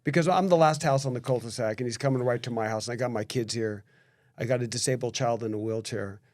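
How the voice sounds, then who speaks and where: A man telling a story on a podcast in casual chat. He acts out the quoted lines and often restarts his phrases. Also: mid-range voice. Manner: animated storyteller who acts out quoted dialogue; quick, repetitive restarts.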